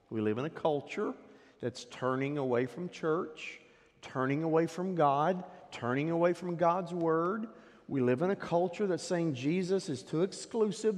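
A pastor preaching a sermon, swinging dramatically between loud declarations and hushed asides. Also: male voice, a little high. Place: church sanctuary. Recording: long reverb of a church hall.

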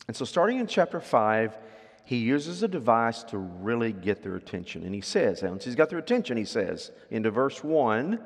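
Animated preacher in a reverberant hall. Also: male voice, medium pitch, moderate pace. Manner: lively, rising to loud emphatic readings then dropping to quiet asides; asks the congregation questions. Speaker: pastor. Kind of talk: sermon.

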